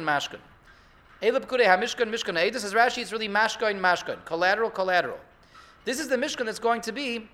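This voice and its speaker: High-pitched, bright-voiced rabbi giving a sermon. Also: male voice. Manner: rhetorical, builds to excited emphasis. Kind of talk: Torah sermon.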